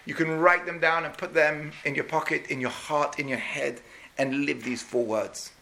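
A man's voice: on the high side, steady tone, normal speed, gravelly, pushed and bright, slight background noise. A man giving a storytelling sermon, dramatic and sweeping, with Hebrew terms woven in. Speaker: preacher.

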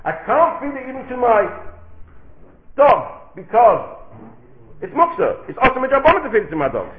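A man giving an animated Talmud lecture, asking and answering his own questions in a sing-song manner. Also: extremely high pitch, quick pace. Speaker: Talmud teacher. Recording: tinny phone-like recording.

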